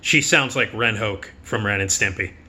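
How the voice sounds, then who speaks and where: Blunt, profane man with a bright voice. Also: lowish voice. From United States. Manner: does quick mocking impressions. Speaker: film critic. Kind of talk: casual movie preview monologue.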